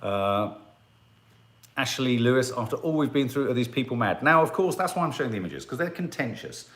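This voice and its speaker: A man with a mid-range, somewhat bright voice hosts a laid-back live stream, talking fairly quickly with big pitch swings. He rambles, reads viewer comments, and regularly restarts or adds side remarks.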